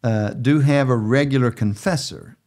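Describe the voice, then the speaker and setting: Measured, gentle-spoken man. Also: medium pitch. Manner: measured, gentle, with frequent filler uh. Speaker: bishop and podcast host. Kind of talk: conversational podcast chat.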